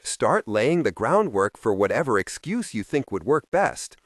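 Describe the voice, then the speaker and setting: A man's voice: medium pitch, big pitch swings, unhurried, dry recording. A man voicing a government agent who talks in a coaxing, overly reassuring way. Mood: persuasive.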